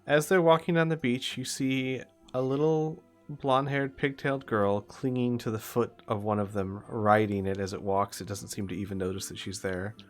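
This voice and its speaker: A man narrating a tabletop game as game master, lively and animated. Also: medium pitch, moderate pace, few pauses, faint music behind.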